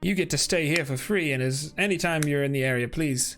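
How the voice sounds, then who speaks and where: A man's voice: a little high, brisk, fairly bright tone. Man playing burly confident warrior lord, hearty, generous, faint music behind.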